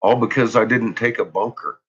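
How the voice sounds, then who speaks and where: Husky, agitated man ranting on a lo-fi recording. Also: fairly low pitch, normal speed. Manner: agitated, profane, threatening outbursts. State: tense and jittery. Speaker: channel host. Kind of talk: angry ranting monologue. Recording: dull lo-fi recording.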